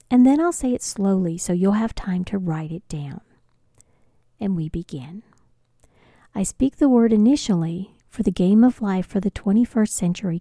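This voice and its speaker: A woman spiritual teacher leading a guided prosperity affirmation, speaking softly and often slipping into a breathy whisper. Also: mid-range voice, dry recording, studio quality. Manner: slow, soft, often breathy whispered delivery.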